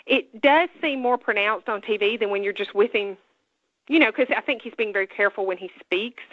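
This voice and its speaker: A woman from Alabama with a Southern accent, co-hosting a casual chat, talkative and quick to laugh. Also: mid-range voice, no echo, dull audio. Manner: chatty, laughs often, opinionated. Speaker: co-host.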